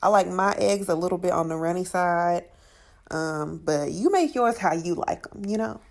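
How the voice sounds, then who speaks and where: A woman's voice: fairly low pitch, normal speed, creaky. A woman hosting a cooking channel, talking through her recipe in a sassy, chatty voice-over and calling her viewers honey and child.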